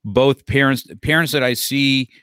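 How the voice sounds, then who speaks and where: A man's voice: mid-range voice, steady tone, measured pace, a bit bright, clear, resonant tone, dry recording, studio quality. A middle-aged man and martial arts school owner talking in casual conversation, rambling with frequent restarts and easy laughter, recorded in his office.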